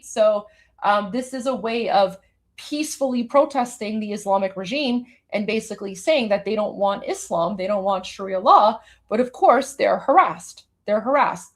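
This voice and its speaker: A woman from Iran hosts a live stream, talking through a clip in an emphatic, indignant way. Her voice sits a little high, and she keeps stopping to restart her sentences with plenty of fillers. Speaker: host. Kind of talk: live commentary on a video.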